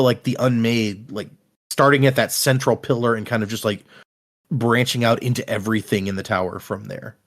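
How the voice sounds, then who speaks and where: A man co-hosting a podcast, retelling a book's scenes in casual chat, full of "like" fillers. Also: medium pitch. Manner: animated retelling, frequent "like" fillers. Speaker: podcast co-host. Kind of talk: casual book discussion chat.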